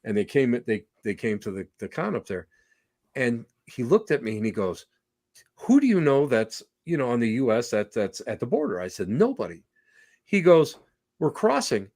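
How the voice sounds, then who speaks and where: A man's voice: medium pitch, normal speed. A man, a podcast guest, telling anecdotes in casual conversation and acting out the people in them. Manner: animated, acts out voices in anecdotes.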